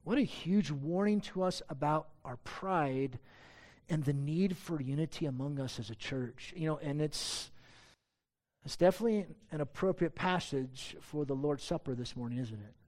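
A man preaching a sermon with earnest emphasis, pressing his church with rhetorical questions. His voice sits somewhat high for a man. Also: normal speed, darkish tone. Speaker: pastor.

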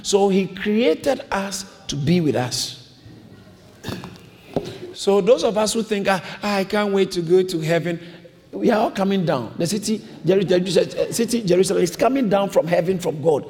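A man's voice: sits high, fairly quick, a little mellow. A man preaching a sermon, emphatic and repetitive, calling on the congregation to repeat his lines. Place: church hall. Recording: long reverb of a large hall.

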